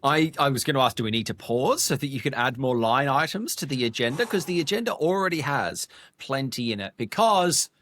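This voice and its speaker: An excitable male podcast co-host in casual chat, with a jokey, lively banter manner. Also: medium pitch, a little fast, a little hiss or hum.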